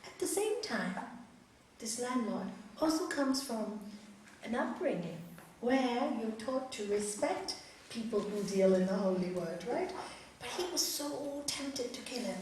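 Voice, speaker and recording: In a hall, a middle-aged yoga teacher shares a spiritual story with a group, voicing each character in animated fashion. She speaks at a measured pace in a voice on the high side, heard from a distance with echo and a faint hiss or hum.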